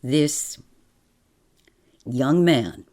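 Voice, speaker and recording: A woman voicing a calm, earnest middle-aged father who reasons patiently in a spoken story. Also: extremely low pitch, very slow, exaggerated voice. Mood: earnestly reasoning.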